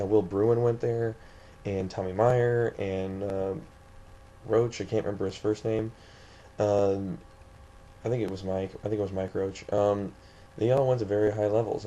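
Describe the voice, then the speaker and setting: Young guy from st louis ranting into the camera, kinda low voice, trips over his words a lot. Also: warm tone, highs cut off, a little hiss or hum. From St. Louis area, USA. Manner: indignant, rambling, with many restarts. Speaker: vlogger. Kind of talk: ranting vlog monologue.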